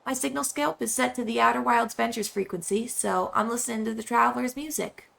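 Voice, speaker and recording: A woman voicing a friendly alien villager with a put-on Southern accent, reading game dialogue aloud in a gentle way. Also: fairly high pitch, steady tone, brisk, creaky, voice pushed up. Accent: put-on American Southern.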